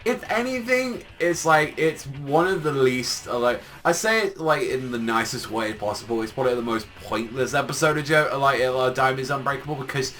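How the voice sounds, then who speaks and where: Young guy ranting casually, lots of swearing, goofy mock voices, mid-pitched. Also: expressive, normal speed, hardly any pauses, a bit bright. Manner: rambling, profane, mocking voices of characters. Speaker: anime reviewer. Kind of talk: casual spoken review.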